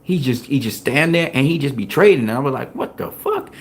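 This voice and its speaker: A man in an easygoing chat about boxing, his voice sitting at an ordinary middle pitch. He tells gym stories in a loose, profane, excitable way, breaking into laughter as he goes. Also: quick pace. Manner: profane, animated storytelling with frequent laughs. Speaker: boxing show host. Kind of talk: casual chat.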